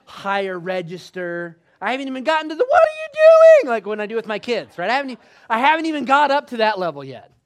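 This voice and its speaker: A man preaching a sermon emphatically, asking the congregation rhetorical questions and rising to loud bursts. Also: high voice, very animated, quick pace, few pauses.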